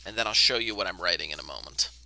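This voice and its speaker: A male math teacher explains algebra to his online class in a loose, chatty way, muttering to himself as he sets things up. His voice is gravelly and very bright, and his pitch moves around a lot, recorded on a webcam. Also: expressive, rapid-fire. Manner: casual, talks to himself while setting up camera.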